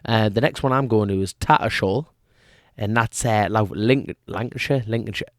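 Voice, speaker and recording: A man's voice: lowish voice, moderate pace, dry recording, clean studio sound. A young man co-hosting a casual podcast chat. He rambles, jokes, loses his thread and laughs often. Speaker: podcast co-host.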